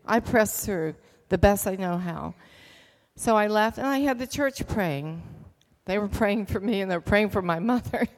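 A middle-aged woman shares a personal faith testimony in an earnest, storytelling way, pausing on small fillers. Her voice sits at an ordinary middle pitch. The sound trails off in the long reverb of a large hall. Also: lively intonation. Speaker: speaker giving testimony.

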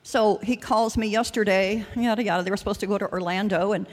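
A woman's voice: mid-range voice, steady tone, fairly quick. An older woman giving an earnest sermon and personal testimony at a church service, rambling at times with restarts and fillers. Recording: long hall reverb.

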